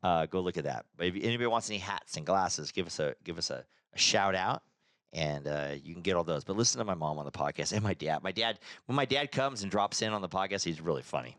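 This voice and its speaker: A man's voice: sits low, animated, fast, fairly bright tone, no echo, studio quality. A middle-aged man with a nasal voice hosting a casual podcast chat, rambling, swearing freely and restarting his sentences. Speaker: podcast host.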